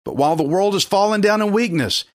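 A man's voice: sits high, expressive, fast talker, no room sound, studio quality. A man preaching a sermon in an urgent, emphatic, exhorting way.

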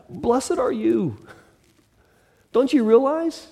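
A man's voice: a little high, animated, normal speed, dark tone, long reverb tail. A male pastor preaching a conversational sermon, slipping into mock voices of his listeners.

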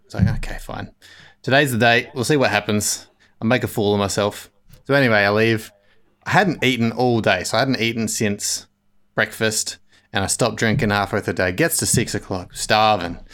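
A man's voice: lowish voice, a bit bright. A man, telling a long self-mocking story in casual chat, rambling and laughing often. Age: 30s.

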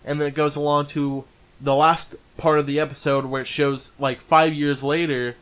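A man's voice: a little high, flat delivery, normal speed, fairly bright tone, clean tone. Enthusiastic rambling man reviewing anime. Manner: enthusiastic, rambling, frequent restarts. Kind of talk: casual video review.

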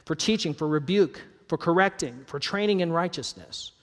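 A man with a high, light voice preaching a sermon, friendly and conversational, slipping in jokes and laughing as he goes. His voice rings with a long reverb, as in a large church hall. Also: lively intonation, moderate pace. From North Idaho. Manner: conversational, joking asides, laughs often. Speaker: pastor.

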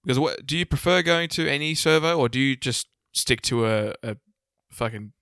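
A man's voice: medium pitch, moderate pace, fairly bright tone, no echo, studio quality. A man with an Australian accent co-hosting a podcast in casual chat. He is blunt and jokey and swears freely. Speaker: podcast co-host.

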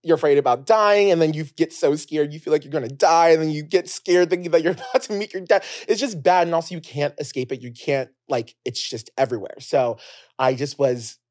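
A man hosting a podcast, telling a personal story in a chatty, filler-heavy way, swinging between loud bursts and hushed asides. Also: on the high side, a little fast. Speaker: podcast host. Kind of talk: casual storytelling monologue.

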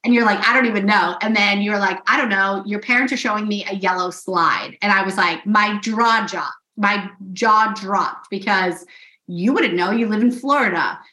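A woman guest telling a story with excitement and acting out the conversations in it. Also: medium pitch, normal speed. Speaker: guest, coach. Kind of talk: casual chat. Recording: echoey room.

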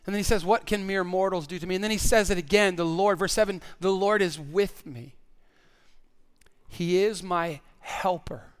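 A man's voice: sits high, moderate pace, smooth. A male pastor preaching a sermon in an earnest way, often repeating words as he stresses a point.

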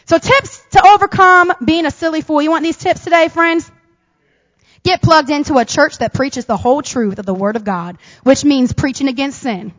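A high-pitched woman preaches to a congregation, her voice carrying a long reverb through a large hall. She swings from loud, punchy emphasis to soft, quiet asides. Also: moderate pace, dull audio. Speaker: pastor. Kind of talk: sermon.

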